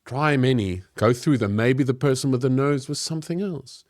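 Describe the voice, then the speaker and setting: A man's voice: medium pitch, normal speed, a little mellow, dry recording, studio quality. Encouraging man coaching an exercise. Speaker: game master and improv teacher. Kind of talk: instructional video.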